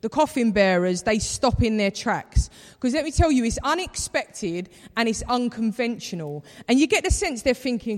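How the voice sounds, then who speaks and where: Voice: mid-range voice, lively intonation, normal speed, few pauses. Preacher in a reverberant hall. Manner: conversational storytelling, acts out quoted voices. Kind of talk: sermon. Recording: long reverb of a large hall.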